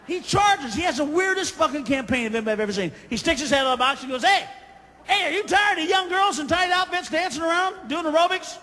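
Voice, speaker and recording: Screaming high-pitched male stand-up comic. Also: expressive, a little fast. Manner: screaming rants, profane, sudden shouts. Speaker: stand-up comedian. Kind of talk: stand-up comedy routine. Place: live club or theater stage with audience. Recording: live concert recording, hall reverb, faint crowd.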